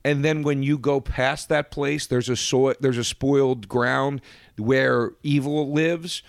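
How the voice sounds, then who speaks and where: A man co-hosting a podcast in casual chat, animated, often restarting sentences and jumping up in pitch for emphasis. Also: slow, creaky, dry recording, studio quality. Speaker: podcast co-host.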